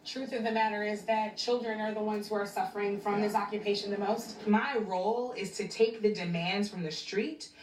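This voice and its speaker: A woman's voice: medium pitch, steady tone, moderate pace, hardly any pauses, slight background noise. A woman speaking as an activist in a firm, articulate way in a documentary interview. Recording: roomy, distant mic, music bed.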